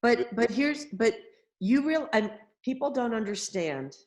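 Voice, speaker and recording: A woman's voice: on the high side, lively intonation, a little slow. A woman doctor as a guest, earnestly explaining her view with frequent restarts. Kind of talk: conversational interview.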